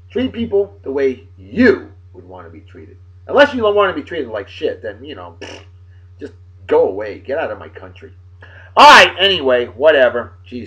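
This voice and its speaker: A man hosting his own casual webcast, rambling and crude and quick to get riled. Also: on the high side, fairly bright tone, breathy edge, lo-fi sound. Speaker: show host.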